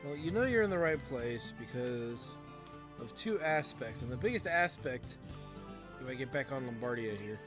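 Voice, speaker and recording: A man's voice: medium pitch, expressive, normal speed, music in the background. A man hosting a let's play, giving casual gameplay commentary and rambling as he talks to himself. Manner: rambling and self-talking, with fillers and mild joke curses.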